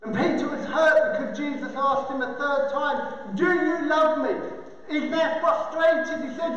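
Brief: a male pastor with a very high voice, playful and animated, recorded from far off. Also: a little slow. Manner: animated, joking, imitates animal noises. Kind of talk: sermon. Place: large church hall. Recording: echoey hall, distant, dull.

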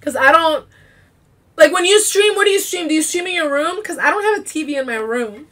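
A woman chatting excitedly while playing a video game, often shrieking and laughing. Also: high-pitched, brisk. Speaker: gamer playing on stream. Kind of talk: casual gaming commentary.

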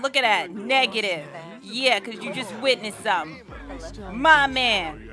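A woman's voice: a little high, takes it slowly, bright, forceful tone. A woman giving casual, profane commentary over a life-sim game, hyping and trash-talking the characters. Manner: profane, playful, dramatic trash talk at the game. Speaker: let's play gamer. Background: game music.

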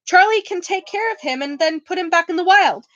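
A woman's voice: very high voice, animated, brisk, fairly bright tone, dry recording, highs cut off, pitched above the performer's own voice. A woman voicing an eleven-year-old schoolboy wizard in a read-aloud storybook, urgent and pleading.

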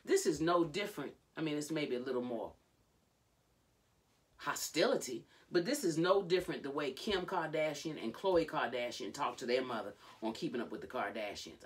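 A woman vlogger gives animated, dramatic commentary on a reality show, breaking off to call out to the Lord. Her voice rises and falls widely. She sits a bit back from the microphone, so she sounds slightly distant. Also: extremely low pitch. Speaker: life coach and vlogger.

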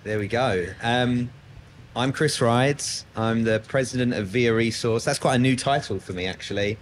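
A man with an Australian accent moderating a conference panel, chatty and jokey, with filler pauses. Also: mid-range voice, a little hiss or hum. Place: conference room.

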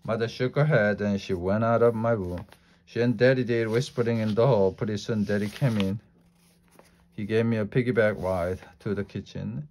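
Lowish male storyteller, easy read-aloud pace, kids' chapter book. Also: steady tone, normal speed, a little mellow, slight background noise. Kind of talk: reading a children's book aloud.

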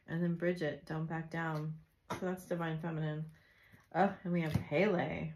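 Gravelly-voiced woman giving a tarot reading. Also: low-pitched, fairly even intonation, normal speed, darkish tone, poor audio. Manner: chatty and intuitive, with frequent fillers and asides. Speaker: tarot reader. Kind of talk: casual tarot love reading.

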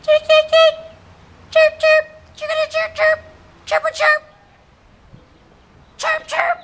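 A man's voice: very high voice, monotone, takes it slowly, background noise, voice pushed up. A man outdoors imitating a small chirping bird in a tiny, repetitive sing-song. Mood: chirpy.

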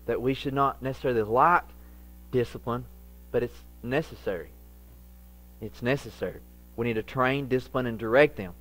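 A middle-aged male pastor preaching a sermon, lively and acting out the voices he quotes. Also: mid-range voice, moderate pace, pauses often, low-quality recording. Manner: animated, acts out quoted voices.

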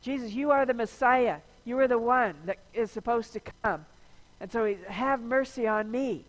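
A woman's voice: on the high side, normal speed. A woman pastor giving a conversational sermon, chatty and informal, with frequent restarts. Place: large church sanctuary. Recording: long church reverb.

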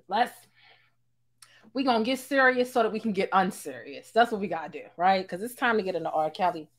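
A woman from Baltimore giving casual gossip commentary in a sassy, slangy way, laughing a lot and breaking into loud bursts. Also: medium pitch. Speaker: commentary YouTuber.

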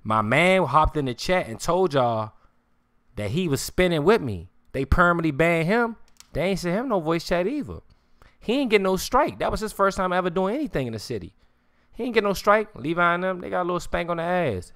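A man's voice: on the high side, lively intonation, brisk, fairly bright tone, no echo, studio quality. A man ranting on a live stream in casual street slang, swearing often and repeating "you hear me". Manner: repetitive, keeps saying "you hear me", swears freely; slang-heavy street talk.

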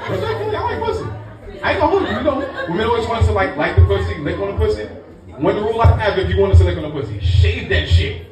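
Brash New stand-up comedian. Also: male voice, high voice, big pitch swings, fast talker. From Brooklyn, New York. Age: middle-aged. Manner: brash, profane, crowd-teasing. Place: comedy lounge, live audience. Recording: echoey club from far off, music, crowd.

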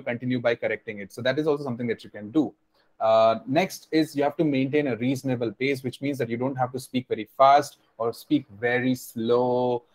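Patient young man teaching on a video call. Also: medium pitch. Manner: explaining patiently, repeating points, many fillers. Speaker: online class instructor.

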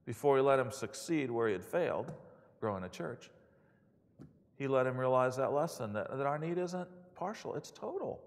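A man preaching a sermon, telling stories in an animated way and acting out the quotes. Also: mid-range voice, normal speed. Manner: animated storytelling with acted-out quotes. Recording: long hall reverb.

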